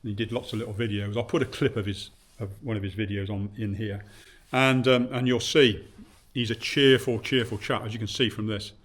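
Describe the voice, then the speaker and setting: A man's voice: on the low side, steady tone, brisk, fairly bright tone. A man who runs a bike shop, reminiscing casually on camera in his shop, rambling with many fillers and restarts and acting out remembered conversations. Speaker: bike shop owner and vlogger.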